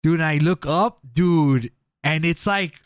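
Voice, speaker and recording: A man's voice: on the high side, a little slow, smooth, no echo, studio quality. Rambling young man telling a wild tale. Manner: rambling, heavy filler and profanity, acts out quotes. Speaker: podcast co-host. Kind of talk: casual storytelling.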